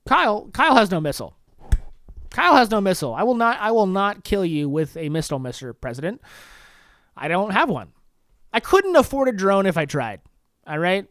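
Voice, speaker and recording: A man's voice: high-pitched, very animated, a little fast, pauses often, a bit bright, dry recording, studio quality. A young man hosting a comedy podcast alone, riffing sarcastically in mock-pleading bits and laughing at his own jokes. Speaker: podcast host. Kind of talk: solo comedy monologue.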